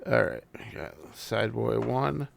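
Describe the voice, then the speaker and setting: A male tech reviewer unboxes a gaming mouse, chatting loosely with profanity and excitable jokes aimed at viewers. His mid-range voice is slow and creaky, captured in a dry recording.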